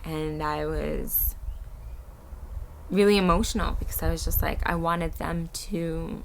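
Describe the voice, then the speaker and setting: A woman from the Bronx, speaking as a vlogger in a soft, halting way that searches for words while she tells a personal story. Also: deep voice, level tone, vocal fry, a little hiss or hum. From the Bronx, New York. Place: eco-village in a jungle.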